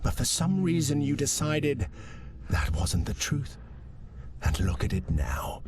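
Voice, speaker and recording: A man voicing a brooding, philosophical narrator in a video game, speaking in a slow, measured way. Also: mid-range voice, big pitch swings, background noise. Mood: musing. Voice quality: measured, slow, musing delivery. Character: brooding adult male narrator, probing and philosophical. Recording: voice under loud game ambience.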